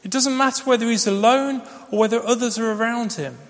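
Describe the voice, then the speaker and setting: A man's voice: very high voice, a little fast. A man preaching a sermon, telling stories in a conversational way with fillers. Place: church. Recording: long reverb of a large church.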